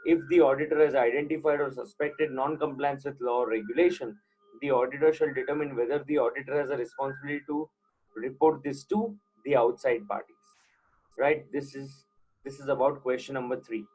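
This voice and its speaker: A man's voice: medium pitch, fairly even intonation, fairly quick, darkish tone, husky, rough recording. A man with an Indian accent teaching an accounting class online, switching between English and Hindi and often checking whether students follow. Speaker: accounting lecturer. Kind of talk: live online lecture.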